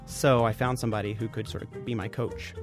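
A man telling a personal story as a radio guest, hesitant and full of fillers, getting animated as he retells it. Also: lowish voice, fairly quick, over music. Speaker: guest reporter. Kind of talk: casual storytelling.

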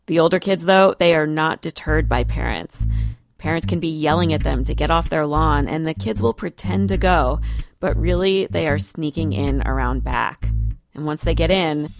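A woman reporter telling a story in measured, scripted radio narration. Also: sits low, gravelly, over music.

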